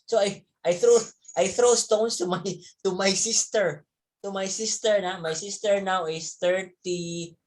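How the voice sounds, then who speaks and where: A man's voice: high-pitched, steady tone, unhurried. A man, a teacher telling young students a story from his childhood, repeating words and chuckling as he goes. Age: 30s.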